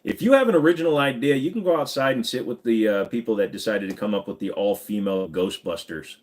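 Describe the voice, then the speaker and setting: A man's voice: on the low side, fast talker, a little mellow. A man hosting a casual live stream, rambling through crude, jokey banter with his chat.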